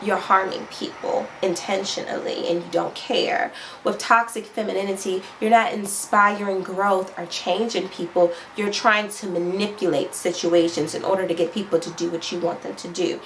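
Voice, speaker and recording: A woman coach talks straight to her viewers in a mid-pitched voice and keeps asking "right?" as she makes her points. Her phrases come round again and again. A faint hiss runs under the recording. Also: a bit bright, poor audio. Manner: direct, repeats phrases and asks "right?"; acts out quoted voices with raised pitch. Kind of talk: instructional talk to viewers.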